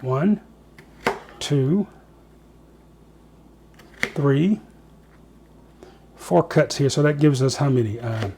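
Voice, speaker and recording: A man's voice: mid-range voice, expressive, drawn-out words, gravelly, long pauses, warm tone, slight background noise. A man hosting a casual home cooking show, chatting to viewers and joking at himself as he cooks in his kitchen.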